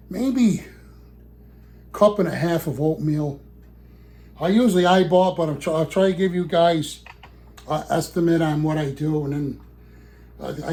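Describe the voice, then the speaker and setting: A man's voice: a little high, warm tone, a little hiss or hum. A man rambling and swearing to himself while cooking in his home kitchen, a little out of breath. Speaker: vlogger. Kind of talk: casual cooking vlog.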